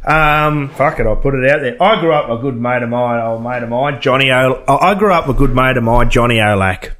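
A man's voice: mid-range voice, fairly quick, a bit bright. An Australian man in casual chat, telling a rambling pub story with lots of swearing and fillers. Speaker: guest storyteller.

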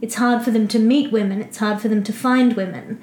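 Woman, reflective conversational co-host type; slightly high, roomy echo. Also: steady tone, fairly quick, darkish tone, slight background noise. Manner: thoughtful, reasons through ideas with analogies. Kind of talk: casual podcast chat.

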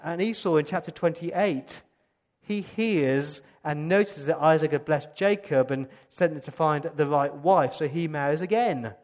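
A male pastor giving a lively storytelling sermon, acting out the scenes as he goes. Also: a little high, unhurried. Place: church. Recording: long church-hall reverb.

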